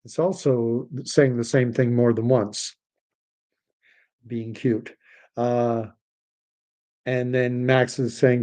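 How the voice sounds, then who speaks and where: A man's voice: mid-range voice, little pitch movement, takes it slowly, long pauses, dark tone. A middle-aged man from Canada hosting a livestream, rambling in casual commentary and turning scornful when he argues. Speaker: livestream host.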